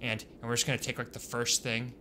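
A man giving casual let's-play commentary as a gaming YouTuber, excitable and swinging from quiet mutters to loud bursts. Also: mid-range voice, fast, slight background noise.

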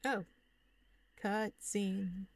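A woman's voice: medium pitch, level tone, extremely slow. A woman streaming a farming game, chatting casually and rambling with lots of filler words. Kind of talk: casual gaming commentary.

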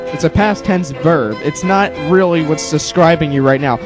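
A man's voice: fairly high pitch, normal speed, over music. A teenage boy ranting on his own channel, sarcastic and exasperated, swearing often. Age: teens. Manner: sarcastic, exasperated, swears a lot, mocks others in silly voices. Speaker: youtuber. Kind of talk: ranting monologue.

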